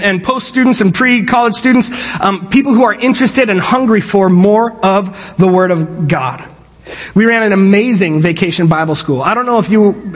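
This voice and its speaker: A man preaches from the church stage in a high, husky voice. He talks in an animated, joking way and often restarts his sentences. The sound rings out with the long reverb of a large hall. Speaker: pastor. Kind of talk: sermon. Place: church sanctuary.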